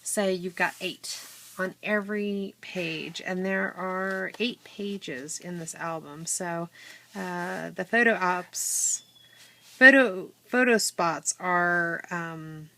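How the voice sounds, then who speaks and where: A woman giving a casual, unhurried walkthrough of a handmade scrapbook album, with many fillers and restarts, filmed on a phone at home. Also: fairly low pitch, sharp tone. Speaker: crafter showing her scrapbook album. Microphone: handheld phone camera. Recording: faint room noise, phone capture.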